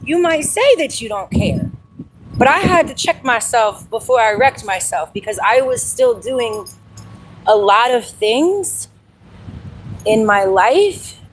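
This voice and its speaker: A woman's voice: on the high side, takes it slowly, a little hiss or hum, low-quality recording. Chatty woman in her forties. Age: 40s. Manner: chatty, animated, laughs often, reads viewer comments aloud. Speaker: livestream host. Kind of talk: casual live chat while walking. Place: outdoor trail on a dog walk.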